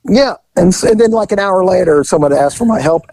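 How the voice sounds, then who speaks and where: A man's voice: high-pitched, a little fast, vocal fry, no echo. A man co-hosting a podcast, telling profane, comedic stories from his police days and acting out the people in them. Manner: profane, animated, acts out quotes. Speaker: podcast co-host, former police officer. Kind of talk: casual comedic storytelling.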